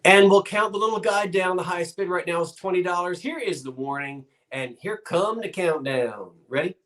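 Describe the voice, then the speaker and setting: A man's voice: high-pitched, normal speed, a bit bright, echoey room. A man hosting a live-streamed online auction, talking in a chatty, folksy way with rambling asides. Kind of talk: live-streamed sale, casual chat.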